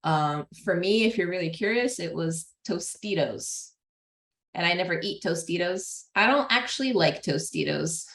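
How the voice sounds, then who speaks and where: A woman's voice: on the low side, lively intonation, moderate pace, creaky, fairly bright tone. A woman giving a casual psychology lecture to a class, chatty, with frequent laughs and fillers. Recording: roomy classroom echo.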